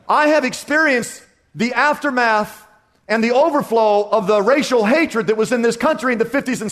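A male pastor from Kansas preaching with a notably high voice. He tells his story vividly and drops to a hushed tone for the heavy parts. The delivery is sermon-style from start to finish.

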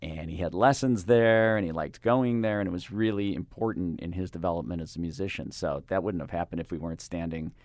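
A man's voice: sits low, a little fast, hardly any pauses, darkish tone, dry recording. A man hosting a casual radio studio chat, rambling and correcting himself as he tells stories. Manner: rambling, self-correcting, mimics voices in anecdotes. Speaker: radio host. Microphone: studio microphone.

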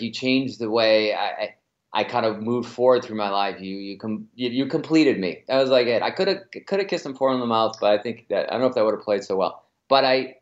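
Rambling Boston man in a lo-fi interview. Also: medium pitch. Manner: rambling, halting, many restarts and fillers. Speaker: guest, commercial director. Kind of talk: casual interview chat.

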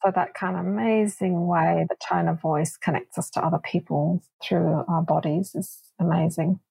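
A woman being interviewed as a doctor and researcher, explaining her ideas in a thoughtful, measured way. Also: on the low side, fairly even intonation, creaky, warm tone, breathy edge, no echo, poor audio. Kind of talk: reflective interview answers.

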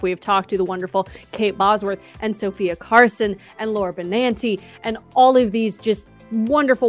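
Effusive, giggly podcast co-host woman. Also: medium pitch. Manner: effusive, giggly, self-described unhinged. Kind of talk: casual podcast chat.

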